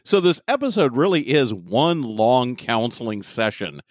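A man's voice: mid-range voice, big pitch swings, unhurried, no room sound, studio quality. A man co-hosting a casual podcast, talking in a sarcastic, jokey way. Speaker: podcast co-host. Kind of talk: casual chat reviewing a TV episode.

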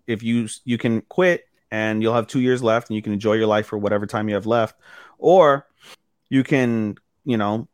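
A man's voice: on the low side, dry recording. Man animatedly recapping an episode, dry close mic. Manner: animated retelling that acts out characters' lines with lots of "he's like". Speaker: podcast co-host. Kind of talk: casual chat recapping an episode.

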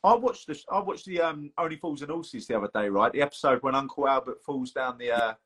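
A man's voice: mid-range voice, lively intonation, fairly quick, fairly bright tone, breathy edge. A man hosting a podcast, matey and swearing as he banters and tells stories. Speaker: podcast host. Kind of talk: casual podcast chat.

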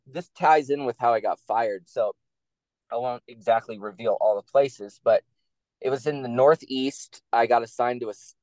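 A man's voice: mid-range voice, dry recording. Blunt, profane man telling campaign stories. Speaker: guest, attorney and former campaign staffer. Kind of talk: casual interview storytelling.

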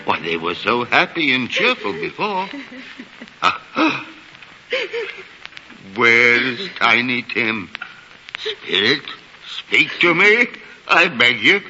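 A frightened old miser, Scrooge. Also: male voice, medium pitch, huge pitch swings, very slow, pauses often, bright, forceful tone, heavily acted. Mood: fearful. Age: older. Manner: anguished, broken, begging. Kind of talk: 1940s radio acting. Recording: dull, hissy 1949 radio broadcast.

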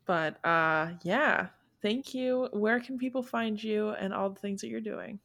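A woman's voice: medium pitch, a little slow, a bit bright. A woman hosting a podcast in a casual, chatty way, her voice nasal and congested from a cold. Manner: chatty, upbeat, giggly. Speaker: podcast host.

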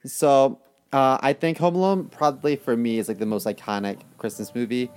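A man's voice: mid-range voice, steady tone, normal speed, darkish tone, faint music behind. A man co-hosting a casual comedy chat, rambling and chatty, easily amused. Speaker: podcast co-host.

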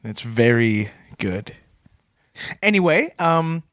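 A man co-hosting a comedy podcast in earnest, mild banter with a quick chuckle. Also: medium pitch, lively intonation, fairly bright tone, dry recording, clean studio sound. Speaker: podcast co-host.

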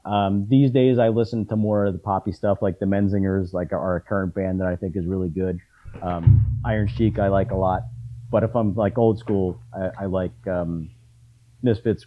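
A middle-aged man chatting casually about concerts, often halting and restarting his sentences with ums. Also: sits low, steady tone, phone-quality sound, slight background noise. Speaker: punk fan in conversation. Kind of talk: casual chat.

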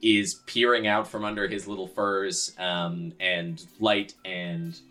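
A man's voice: lowish voice, slow, pushed and bright. A man running a tabletop game as game master, narrating loosely with many fillers.

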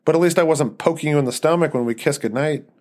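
A man's voice: on the high side, fast, darkish tone, voice pushed up, close to an everyday voice. Joking young husband, cocky and teasing, read by the male narrator in an audio story. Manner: teasing and irreverent.

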